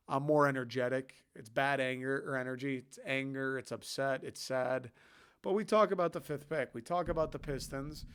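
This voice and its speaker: A man's voice: mid-range voice, clean tone. A young man hosting a solo podcast, rambling loosely and swearing casually. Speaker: podcast host.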